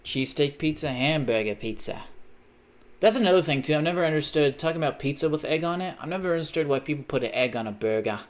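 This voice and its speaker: A man's voice: fairly high pitch, lively intonation, fast talker. A man livestreaming a game, chatting casually in a rambling, profane way and jumping between tangents. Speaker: gaming livestreamer. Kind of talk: casual chat while gaming.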